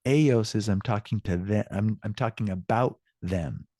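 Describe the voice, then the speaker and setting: A man's voice: lowish voice, moderate pace, mellow, no room sound, clean studio sound. A man teaching a recorded Spanish lesson, explaining patiently and answering student questions.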